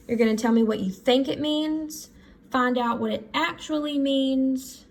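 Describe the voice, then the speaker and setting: A woman teacher giving a recorded reading lesson, talking slowly and thinking aloud as she works through words. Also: sits high. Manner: slow, thinking aloud while writing.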